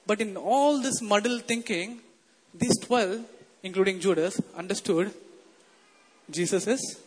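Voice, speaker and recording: A man with a high voice preaches in a big hall, and his words ring out with a long reverb. He talks in a conversational way and keeps putting questions to the congregation. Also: slightly rough. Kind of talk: sermon.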